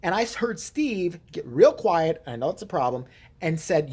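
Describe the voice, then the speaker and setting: A woman's voice: lowish voice, sing-song, unhurried, a little mellow, breathy edge. A woman vlogger giving blunt, heated, profane commentary and telling a story.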